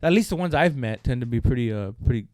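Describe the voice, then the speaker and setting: A man's voice: medium pitch, lively intonation, fast talker, a little mellow, dry recording, clean studio sound. A young man co-hosting a comedy podcast, talking in a rambling, profane, self-mocking way in casual chat.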